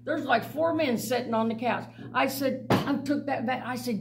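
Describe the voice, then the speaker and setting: A middle-aged woman with a gravelly, creaky voice tells blunt, animated stories to a church group and laughs often. She was recorded on a mic set some way off, with faint noise underneath. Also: a little high, fairly quick, hardly any pauses, far from the mic. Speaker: mission director. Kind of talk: personal testimony to a church group.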